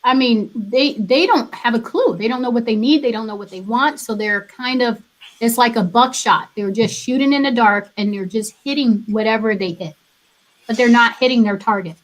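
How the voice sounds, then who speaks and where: Woman podcast guest, fairly high voice, upbeat, laughs easily, chatty. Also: moderate pace, rough recording. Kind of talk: casual podcast chat.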